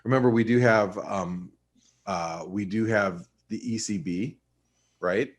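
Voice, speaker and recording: A man's voice: lowish voice, unhurried. A man giving casual, rambling market commentary on a webinar, with many restarts and fillers. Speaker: market analyst co-host.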